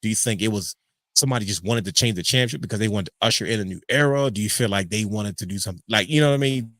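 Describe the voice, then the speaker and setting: Fast-talking low-voiced male host. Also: no room sound. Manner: animated, joking rants. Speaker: podcast host. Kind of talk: casual podcast chat.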